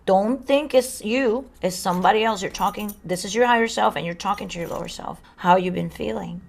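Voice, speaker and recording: A woman's voice: mid-range voice, a little fast, creaky. A woman co-hosting a casual spiritual podcast. She speaks earnestly and dramatically in a mid-range voice and sometimes slips into acted-out voices. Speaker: podcast co-host.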